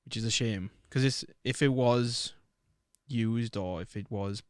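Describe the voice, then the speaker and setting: A man's voice: mid-range voice, a little slow, clear, resonant tone, dry recording, clean studio sound. A man from Wales with a Welsh accent, a podcast guest chatting casually, swearing freely and trailing off into restarts. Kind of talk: casual chat.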